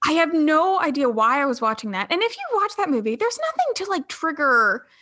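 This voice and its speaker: A woman's voice: sits high, sing-song, brisk, pushed and bright. A woman in her twenties telling a personal story in a candid, rambling interview, with many restarts. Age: 20s. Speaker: guest.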